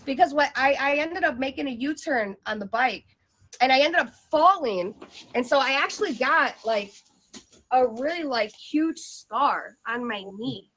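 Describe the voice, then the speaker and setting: A high-voiced woman tells a personal story with lots of energy. She laughs often and acts out her own panic as she goes. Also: lively intonation, measured pace, fairly bright tone, poor audio.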